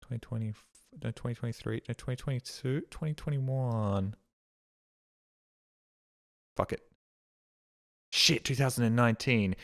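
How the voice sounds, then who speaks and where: A man's voice: medium pitch, normal speed, creaky, long pauses, a bit bright. A male streamer giving casual gaming commentary, thinking aloud, swearing freely and bragging.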